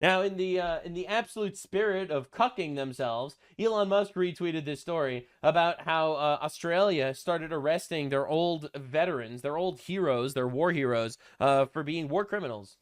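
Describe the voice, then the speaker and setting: A man's voice: a little high, normal speed, few pauses, clear, resonant tone. A young adult man giving casual online commentary, crude and mocking, rambling with lots of fillers. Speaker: commentary channel host.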